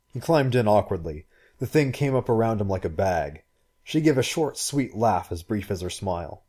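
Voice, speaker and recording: A low-voiced man narrates a story at a measured, even pace. His tone is dark and mellow with a husky edge. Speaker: audiobook reader. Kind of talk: scripted narration.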